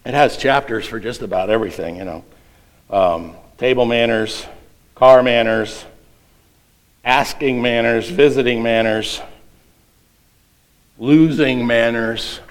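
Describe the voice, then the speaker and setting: A man's voice: mid-range voice, takes it slowly, long pauses, rough recording. A middle-aged man preaching a sermon, reading a children's quiz aloud with playful voices. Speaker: pastor.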